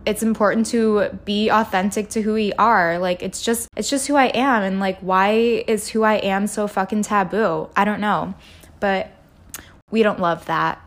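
A woman's voice: medium pitch, steady tone, unhurried. A woman in her twenties hosting a casual solo podcast, candid and chatty, laughing often and swearing freely. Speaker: podcast host.

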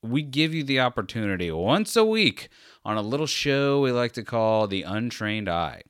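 A man's voice: mid-range voice, very animated, moderate pace, fairly bright tone, smooth, no room sound. A tired man hosting a solo podcast, rambling in a sarcastic, self-deprecating way on a close mic. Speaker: podcast host.

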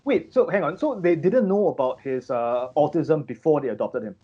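A man's voice: a little high, expressive, moderate pace, slightly rough, dull audio. A man chatting and joking casually on a podcast. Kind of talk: casual chat.

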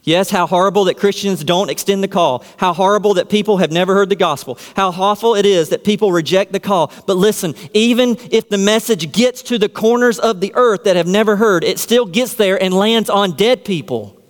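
A man's voice: high-pitched, brisk, few pauses, in a large hall. A man preaching a sermon from the pulpit, posing rhetorical questions and answering them with emphasis. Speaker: pastor.

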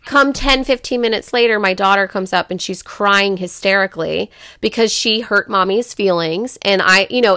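Her medium-pitched voice has a sharp tone and no echo, captured at studio quality. She's a mom telling a personal story on a frank, casual podcast, swearing freely and relying on fillers like "like" and "you know."

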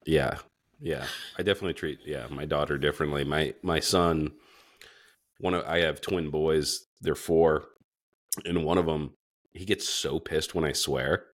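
A man in his forties, a podcast guest, telling stories in relaxed casual chat and swearing freely. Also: very deep voice, a little slow.

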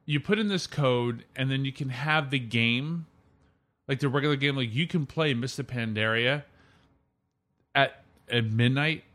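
A man hosting a casual gaming podcast, talking in a chatty, opinionated way as he runs through the news. His voice sits at an ordinary middle pitch for a man. He leads the talk and pushes his points along. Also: pushed and bright. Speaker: podcast host.

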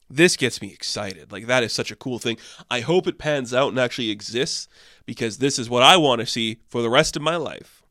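A young man hosting casual entertainment news commentary, animated and sarcastic, swinging between deadpan asides and excited outbursts. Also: mid-range voice, a little fast, dry recording, studio quality.

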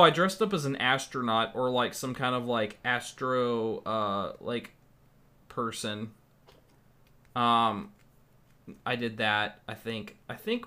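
A man co-hosts a casual podcast, trading dry, playful jokes and rambling through memories. His voice has a sharp, bright edge at an ordinary pitch. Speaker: podcast co-host. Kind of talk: casual chat.

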